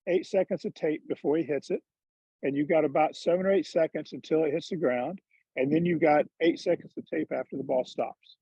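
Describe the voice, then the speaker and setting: Candid, self-deprecating storyteller, man, husky and mellow, dry lo-fi call audio. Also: fairly high pitch, no room sound. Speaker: former tour golfer and TV commentator. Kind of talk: casual interview storytelling. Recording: dull lo-fi dry sound.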